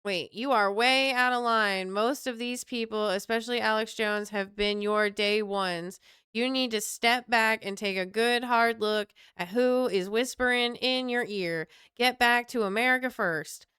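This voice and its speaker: A fed-up Southern supporter vents in an indignant, folksy twang, as a woman puts the accent on. The voice sits bright and ringing clear. It sounds close and dry, with no room around it. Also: on the high side, a little slow, no echo. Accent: put-on Southern US. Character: fed-up Southern Trump supporter ranting online.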